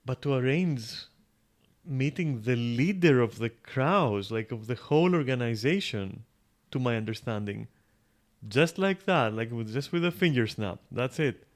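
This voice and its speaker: A man's voice: mid-range voice, animated, measured pace. A man streaming a game, thinking aloud in loose, rambling talk full of fillers and casual swearing. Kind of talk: casual gameplay commentary.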